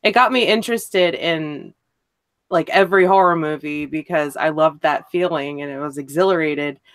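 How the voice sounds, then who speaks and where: A woman speaking in a relaxed, blunt way, swearing casually. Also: low voice, normal speed. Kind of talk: casual chat.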